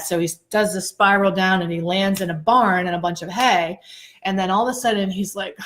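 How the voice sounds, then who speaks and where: Woman co-host, lively storyteller, laughs a lot, mid-pitched. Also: moderate pace. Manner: animated, laughs often. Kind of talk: casual chat and storytelling.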